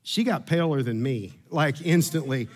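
A middle-aged pastor with a drawl preaches in a fairly high voice. He is earnest and often repeats his words as he builds toward a funny story from his own life. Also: moderate pace, breathy edge. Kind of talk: sermon with humorous personal story.

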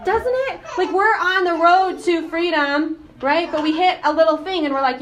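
A woman giving a casual, animated sermon, often asking the congregation questions. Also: very high-pitched, moderate pace, slight background noise. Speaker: preacher.

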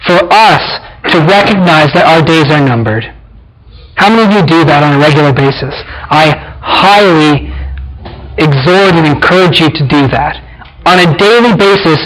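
A man's voice: high-pitched, fairly bright tone, poor audio. A man preaching a sermon as pastor, earnest, with frequent rhetorical questions to the congregation.

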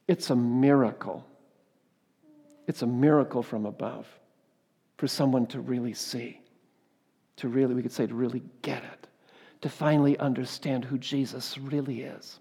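A male pastor delivers a sermon in an ordinary mid-range voice. He builds to loud, fervent emphasis, then drops to hushed asides, and often tags his points with rhetorical questions. His voice rings out with a long reverb through a church hall. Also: medium pitch, fairly even intonation, moderate pace, pauses often, breathy edge. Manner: rhetorical tag questions and repeated exclamations.

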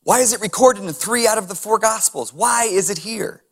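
A man's voice: high-pitched, normal speed, creaky, fairly bright tone, slightly rough. A man preaching a sermon as a pastor, reading scripture and adding casual chuckling asides and rhetorical questions.

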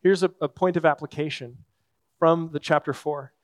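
A man preaching a sermon as a pastor, earnest and conversational, with thoughtful pauses. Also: fairly high pitch, steady tone, no echo.

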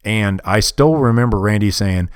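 A man's voice: on the low side, moderate pace, clean tone, no echo, clean studio sound. A man in his forties hosting a podcast, talking bluntly and profanely in a rambling way, often restarting sentences. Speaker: podcast host. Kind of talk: casual podcast monologue. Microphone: podcast microphone.

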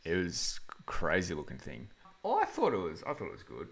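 A man's voice: low voice, wildly swooping pitch, brisk, gravelly, a bit bright, husky. A man hosting a casual film review podcast, rambling with lots of fillers and frequent laughs. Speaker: podcast host.

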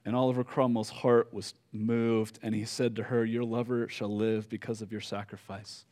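A man preaching a sermon, telling a story slowly with fillers and pauses, dropping soft at solemn moments. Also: on the low side, level tone. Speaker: pastor.

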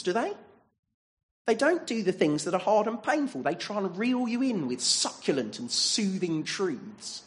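A man preaching a sermon in a church, earnest and asking the congregation many rhetorical questions. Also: high-pitched.

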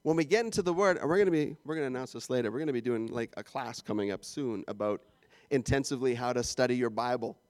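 A man from Canada preaching a sermon as pastor, animated and jokey with playful asides. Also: medium pitch, fast talker, dry recording.

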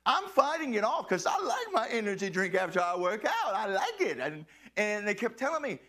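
A man preaching a sermon, animated and playful, swinging into shouts and laughs as he tells the story. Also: high voice, moderate pace. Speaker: pastor.

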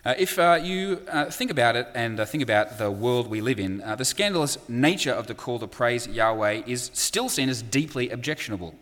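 A man's voice: medium pitch, lively intonation, a little fast, hardly any pauses, a bit bright, long reverb tail. A man preaching a sermon in a conversational way, with frequent fillers and acted-out quotes.

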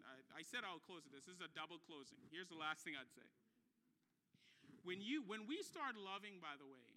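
High, bright, impassioned male preacher. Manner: swings from quiet and intimate to loud, impassioned preaching; repeats phrases for emphasis, conversational asides. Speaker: pastor. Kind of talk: sermon.

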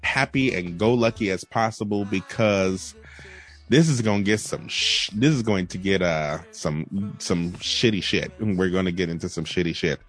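A man hosting a podcast in casual chat, relaxed and quick to react with sighs and exclamations. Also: low voice. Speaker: podcast host.

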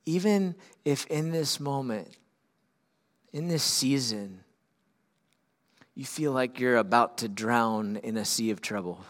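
A man preaching a sermon as pastor, swinging from loud, urgent peaks down to quiet, earnest lows. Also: takes it slowly, long pauses.

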